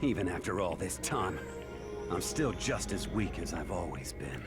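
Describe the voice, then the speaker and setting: A woman voicing a hot-tempered young male biker gang leader in a low, heavy growl, read over video game music. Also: sing-song, normal speed. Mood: remorseful. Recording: echoey room with game music.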